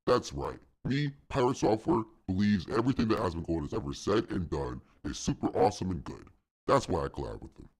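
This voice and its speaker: A man doing an exaggerated deep-voiced impression of a boastful male game developer streamer during a live stream. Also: big pitch swings, a little fast. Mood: smug. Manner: boastful, self-satisfied.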